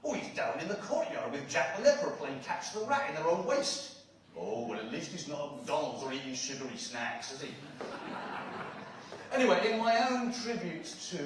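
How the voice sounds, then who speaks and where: A man doing stand-up comedy with songs, chatty and joking, laughing at his own jokes. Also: fairly high pitch. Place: club stage. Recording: echoey live room from far off, music behind. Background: live music.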